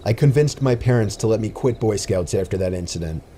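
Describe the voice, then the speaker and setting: A man narrating a true scary story in a steady, scripted storytelling delivery. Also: lowish voice, brisk, slight background noise.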